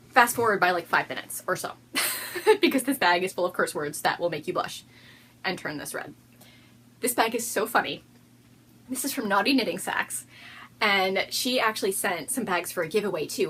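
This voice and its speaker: A woman's voice: medium pitch, fairly bright tone, slight background noise. A woman hosting a casual video podcast, chatting in a bubbly way and often breaking into laughter. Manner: giggly, bubbly, prone to fits of laughter. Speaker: podcast host.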